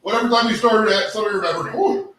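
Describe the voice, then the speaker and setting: A man's voice: sits high, racing, sharp tone. A man hosting a rowdy, swearing group chat, giving orders and counting down between laughs. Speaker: host of a group chat stream. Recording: roomy, from a distance, some noise.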